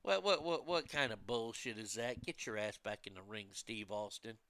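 A man's voice: lowish voice, normal speed, a bit bright, no room sound. A man rambling casually about food, movies and wrestling, blunt and profane, with many restarts. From United States.

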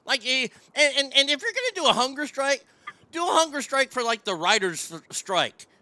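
A man's voice: very high-pitched, very animated, a little fast, bright, forceful tone, dry recording. A man hosting a radio talk show, telling crude comic stories with acted voices in a brash, riffing way from a studio mic.

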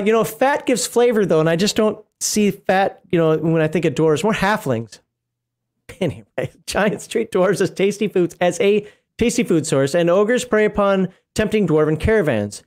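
On a laid-back podcast, a male co-host works through game lore, reading it aloud yet wandering into tangents and breaking off to laugh and comment often. He speaks at a normal speed in an animated, high-pitched voice with a darkish tone.

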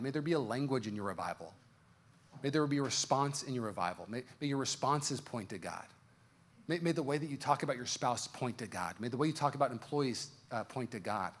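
A man preaching a sermon as pastor, telling a story and then praying with rising fervor. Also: medium pitch. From United States. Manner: storytelling, building to loud fervent prayer. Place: church sanctuary.

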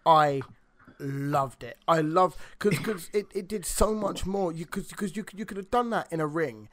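A man's voice: on the high side, normal speed. A man hosting and recording a casual podcast, joking and swearing in loose banter. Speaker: podcast host who records the show. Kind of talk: casual chat.

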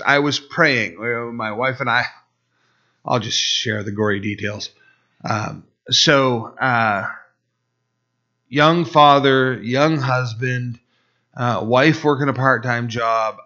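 A middle-aged man preaching in a casual, storytelling way, animated and acting out what people said, with many restarts. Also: mid-range voice. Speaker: pastor. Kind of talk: conversational sermon with personal story. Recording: dull, slightly lo-fi sound.

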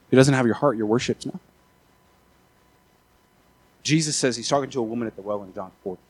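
A man preaching a sermon, often repeating and restarting his words, who rises from quiet talk to loud, urgent appeals. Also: mid-range voice, fast talker, breathy edge. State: out of breath after the peak.

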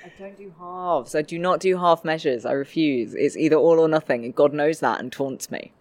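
Guest: man, animated and self-mocking storyteller, close and dry. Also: fairly high pitch, brisk, dry recording. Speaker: interview guest. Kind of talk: storytelling in conversation.

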